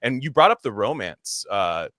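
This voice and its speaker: A man's voice: lowish voice, very animated, normal speed, a bit bright, dry recording, studio quality. A man co-hosting a podcast, talking in a rambling, profane way and slipping into mocking voices. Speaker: podcast co-host. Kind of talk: casual chat.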